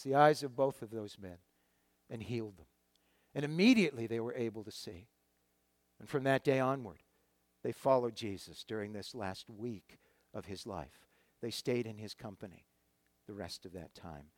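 In a dry recording, a pastor with a fairly high-pitched voice preaches to his congregation. He retells a Bible story conversationally, with frequent fillers and restarts.

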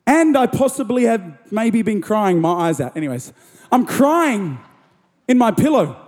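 Young guy preaching, really high voice but mellow, big hall echo, gets loud on the big lines. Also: a little slow. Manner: animated, rising to shouts on key phrases. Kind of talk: sermon. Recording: long hall reverb.

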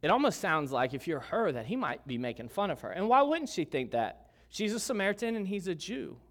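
Preaching in a church, this middle-aged pastor has a high-sitting male voice and talks a little fast, very animated. He keeps things conversational and jokey, turning aside to the congregation.

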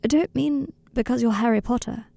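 A woman voicing an earnest, tender young male wizard in an audiobook reading of a fan story, speaking in a softly confiding, slightly rambling way. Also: a little high, fairly quick, gravelly, no echo, pitched above the performer's own voice.

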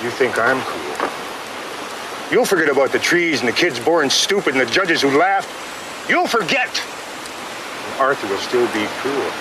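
An actor playing a calm, mocking, unhinged man who taunts a bound captive, heard in film audio over loud rain. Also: mid-range voice, unhurried, pauses often, very noisy. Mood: coldly mocking.

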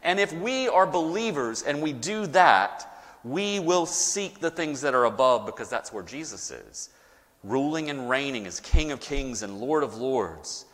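A male pastor preaches with a lively, swinging intonation, leaning into pauses and building to emphatic repeated lines. His voice sits at an ordinary middle pitch. It rings out with a long reverb, as in a large hall. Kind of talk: sermon.

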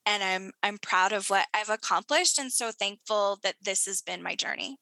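A woman's voice: medium pitch, moderate pace, vocal fry, pushed and bright, no echo. A woman who hosts a podcast, talking in a casual, earnest and reflective way about her work. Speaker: podcast host and birth educator.

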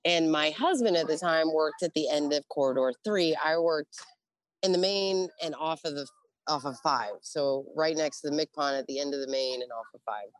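A middle-aged woman, a Navy veteran, telling her story in a casual, profane, animated way and acting out the dialogue. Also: deep voice, normal speed, no echo. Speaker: interview guest, Navy veteran.

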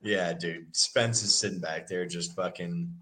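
A young man and football player chatting casually on a podcast, telling stories in a profane, animated way. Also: low-pitched, a little slow, a little hiss or hum.

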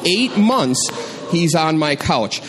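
A man's voice: a little high, slow, noisy background. Wry man telling a story on stage. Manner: conversational, wry and deadpan.

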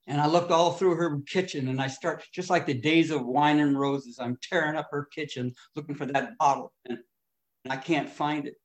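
Middle-aged man, fairly high voice, giving a heartfelt recovery talk with big swings in volume. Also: steady tone, moderate pace. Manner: emotional, swinging between loud and hushed. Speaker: recovery speaker. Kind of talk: AA share storytelling.

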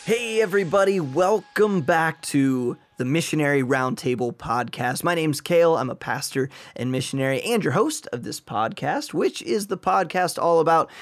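Upbeat pastor hosting a podcast. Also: male voice, on the high side, lively intonation, moderate pace, few pauses, faint music behind. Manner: enthusiastic, friendly, with frequent fillers. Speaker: podcast host, pastor and missionary. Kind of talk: casual podcast interview.

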